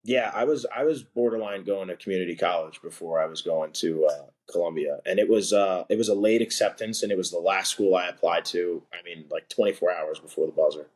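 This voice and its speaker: A man's voice: deep voice, brisk, hardly any pauses, a little mellow. A young man telling a story as a podcast guest, rambling and filling his talk with "like". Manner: rambling, heavy on filler "like". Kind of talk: casual storytelling.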